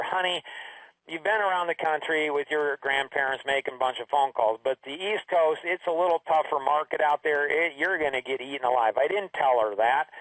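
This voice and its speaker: A man's voice: on the high side, fairly bright tone, dry recording, far from the mic, poor audio. A middle-aged man hosting a radio talk show, telling a story casually and acting out the family dialogue he quotes.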